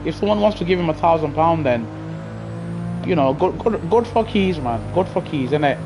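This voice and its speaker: With music in the background, the sim racer sounds animated, his voice on the high side at a normal speed. He's a British man casually chatting to his live chat over gameplay, rambling and chuckling into his gaming headset.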